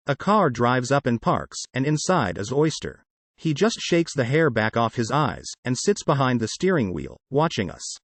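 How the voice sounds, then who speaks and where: A man reading an audiobook in the first person, with expressive delivery. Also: medium pitch, moderate pace, no room sound. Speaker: audiobook narrator. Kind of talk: audiobook narration.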